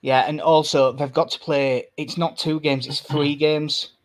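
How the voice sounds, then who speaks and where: A man's voice: fairly high pitch, level tone, a little slow. A man co-hosting a casual football podcast. He is chatty, laughs often and swears casually. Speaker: podcast co-host.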